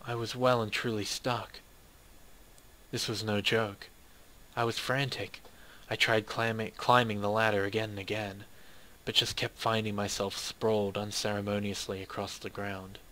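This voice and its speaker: A man reading a dramatic first-person story in a steady, measured way. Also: on the low side. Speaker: narrator.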